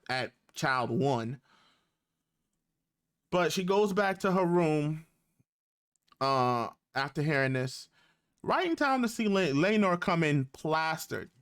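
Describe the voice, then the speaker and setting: A man's voice: mid-range voice, fairly bright tone, smooth. A man casually recapping a TV episode, loose and slangy, with lots of fillers and acted-out quotes. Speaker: YouTube reviewer.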